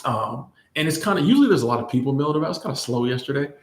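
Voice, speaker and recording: A man tells a story in a loose, rambling way, with lots of fillers and restarts. His voice sits at an ordinary middle pitch. The room around him echoes noticeably. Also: expressive, racing. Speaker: vlogger. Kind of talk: casual storytime chat. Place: in Bangkok.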